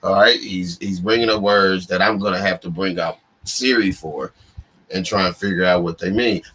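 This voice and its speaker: A man's voice: deep voice, steady tone, normal speed, a bit bright, slight background noise, poor audio. A man co-hosting a casual talk show, teasing his partner in a playful, mock-exasperated way. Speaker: podcast co-host. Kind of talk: casual chat.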